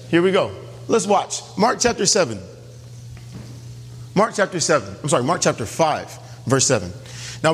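A man's voice: on the high side, slightly rough, in a large hall. A male pastor preaching a sermon in a church, emphatic and often asking the congregation questions.

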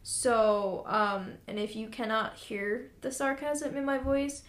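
A woman's voice: fairly high pitch, fairly even intonation, slow pace. Rambling young woman with roomy sound. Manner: rambling, sarcastic, many fillers. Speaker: podcast co-host. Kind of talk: casual podcast chat.

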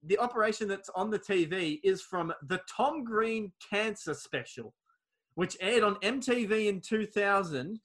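Guy, high and bright voice, sweary casual film-recap podcast host. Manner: swears freely, acts out quoted lines.

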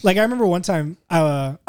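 A young man with a high voice tells stories in a casual chat, laughing and swearing as he goes. His pitch jumps all over the place. He sounds loose and animated among friends. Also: moderate pace, clean tone, no room sound, studio quality.

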